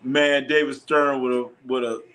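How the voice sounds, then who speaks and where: Male streamer, casual live game calls and banter with chat, relaxed and repetitive, mid-range voice. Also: mid-range voice, normal speed. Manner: loose, joking, repeats himself, talks to chat. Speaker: sports watch-party streamer.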